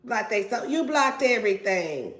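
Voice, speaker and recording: Woman reading tarot cards, cussing a lot, playful, middle pitch, echoey room. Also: very animated, normal speed, a bit bright. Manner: brash, profane, playful. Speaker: tarot reader. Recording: roomy echo.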